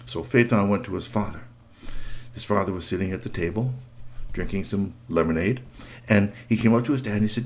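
A man's voice: lowish voice, fairly quick, darkish tone. A man telling a myth to children with chatty asides. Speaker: storyteller. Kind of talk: animated storytelling for children.

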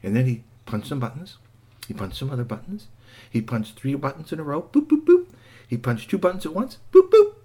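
A man reading a children's tale aloud, his voice husky and his pitch moving freely. He tells it in a lively storyteller's way, dropping in sound effects and asides. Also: fairly quick.

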